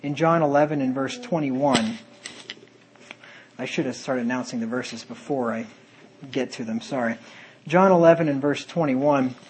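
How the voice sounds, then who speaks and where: A man's voice: mid-range voice, normal speed, long pauses, darkish tone, slight background noise, low-quality recording. A man preaching a sermon in an earnest manner, reading Bible verses aloud in old-fashioned wording.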